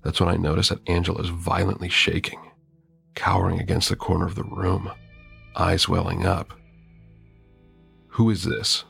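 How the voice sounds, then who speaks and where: A man's voice: low voice, monotone, normal speed, creaky, a bit bright, breathy edge, faint music behind. A man narrating a first-person horror story with wry, dramatic delivery.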